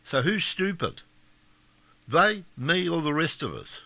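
A man's voice: fairly high pitch, sing-song, unhurried, creaky, bright, forceful tone, no echo. An older man from Scotland hosting a talk show, giving blunt, mocking opinion commentary. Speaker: radio talk host.

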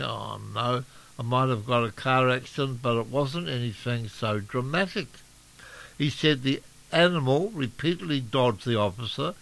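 A man with a New Zealand accent reading a local radio news bulletin in a steady, measured way. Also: mid-range voice, creaky, rough recording. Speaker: radio newsreader.

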